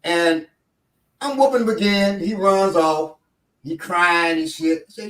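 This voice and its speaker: A man, telling a story in casual talk and acting out quotes with big pitch jumps. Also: moderate pace, a bit bright, distant mic. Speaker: show instructor telling a story. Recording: echoey room, voice off-mic.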